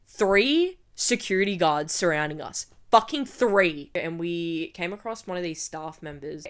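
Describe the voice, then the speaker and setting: A young woman in her twenties from Australia telling a storytime vlog, ranting and swearing with animated energy. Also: mid-range voice. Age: 20s. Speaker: vlogger.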